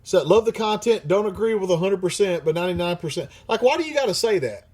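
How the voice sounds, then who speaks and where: A man's voice: sits high, lively intonation, fast, a little mellow, slightly rough. A middle-aged man hosting a livestream, reading viewer comments aloud in a blunt, profane manner and laughing often. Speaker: livestream host.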